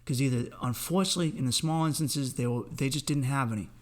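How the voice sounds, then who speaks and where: A man's voice: medium pitch, fast talker. A young man hosting a podcast, delivering a rambling, profane comic pep talk straight at the listener. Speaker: podcast host.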